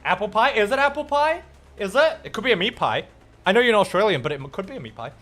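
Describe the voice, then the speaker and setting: Young male streamer, high and very animated voice, playful casual chat over faint game music. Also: quick pace. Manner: chatty and playful, reacts to chat. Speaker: streamer and host. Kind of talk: casual live-stream chat while gaming.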